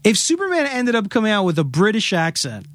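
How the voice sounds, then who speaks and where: A man talking as a guest film critic in a casual podcast chat, animated and quick to laugh. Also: sits high, no room sound.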